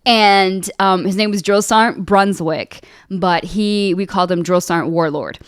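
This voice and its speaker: A woman army veteran telling stories in a casual chat, animated and swearing freely, acting out the people she quotes. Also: medium pitch, a little slow, smooth, no room sound, clean studio sound. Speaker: podcast guest, veterans service officer.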